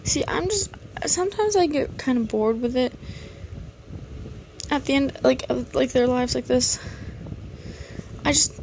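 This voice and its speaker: A woman's voice: high voice, creaky, a little mellow. A woman casually narrating her gameplay, muttering menu commands aloud and sighing now and then in mild exasperation. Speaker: gaming video creator. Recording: noisy background hiss.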